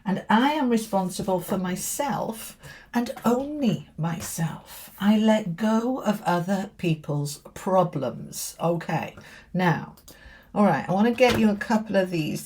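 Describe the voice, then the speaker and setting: A woman's voice: fairly low pitch, a little mellow, slight background noise. A woman giving a chatty tarot reading to camera in a friendly way, often saying "okay" and "all right". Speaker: tarot reader.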